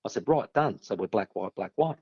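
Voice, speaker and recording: Animated Australian man telling yarns. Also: low voice, fast talker, vocal fry, breathy edge, muffled recording. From South Australia. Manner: animated, laughing storyteller. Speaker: guest, former sportsman. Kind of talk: casual anecdote telling.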